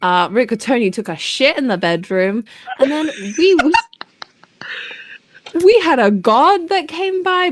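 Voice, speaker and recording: A woman's voice: mid-range voice, no echo, studio quality. A woman casually recapping a tabletop game in a chatty, irreverent way. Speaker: player recapping.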